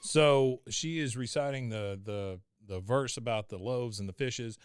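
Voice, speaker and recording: A man's voice: medium pitch, a little slow, clean tone, no room sound, studio quality. A man hosting a podcast and casually retelling a cartoon episode scene by scene, laughing often. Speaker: podcast host.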